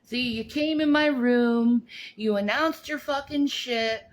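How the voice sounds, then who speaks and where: A middle-aged woman rants on a livestream, swearing and confrontational, often repeating words and restarting sentences. Her voice is fairly high, and she takes it slowly.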